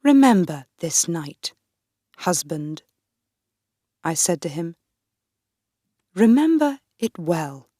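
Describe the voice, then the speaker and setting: A woman voicing a proud, defiant young queen, speaking slowly and firmly. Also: fairly low pitch, big pitch swings, warm tone, no room sound, studio quality, full character voice. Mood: cold.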